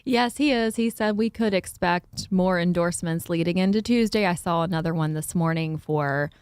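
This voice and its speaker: A female reporter speaking as a guest on talk radio, her voice sitting on the lower side. She explains the news in a chatty, conversational way. The sound is close and dry, from a studio microphone. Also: moderate pace, a little mellow, clear, resonant tone, no echo. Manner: chatty, explanatory, with light laughs.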